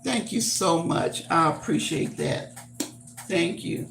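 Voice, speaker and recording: An older woman hosting a live stream, chatting casually and haltingly with many fillers and repeated words. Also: on the low side, expressive, gravelly, music in the background. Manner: reminiscing, homespun. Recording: roomy echo.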